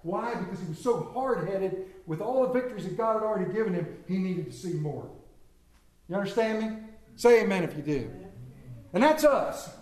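A man preaching a sermon to his congregation, retelling a bible story in lively fashion and calling out people by name. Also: high-pitched, normal speed, roomy sound. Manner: animated, acts out bible characters, addresses congregation by name.

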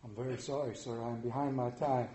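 A timid clerk who pleads softly in a lower, subdued voice, as a preacher puts him on. He sounds humble and apologetic. The voice echoes through a roomy church. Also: fairly even intonation, fast, natural voice. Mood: pleading. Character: meek, apologetic male clerk.

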